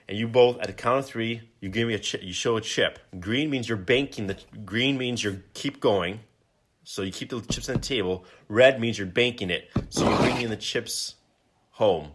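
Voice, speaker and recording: Low-voiced man telling a rambling story. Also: slight background noise. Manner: relaxed rambling storyteller, explains game rules. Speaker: podcast host. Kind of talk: casual chat, storytelling.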